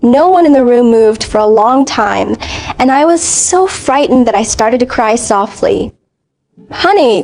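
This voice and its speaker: A woman narrating a first-person dramatic story in a steady, even reading voice. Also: on the high side, a little hiss or hum.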